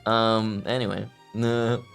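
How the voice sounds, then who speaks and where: A man's voice: fairly low pitch, little pitch movement, slow pace, vocal fry, a bit bright, clear, resonant tone, faint music behind. A man streaming live as a VTuber, chatting casually and playfully, often giggling and bursting into theatrical outbursts. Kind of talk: casual livestream chat.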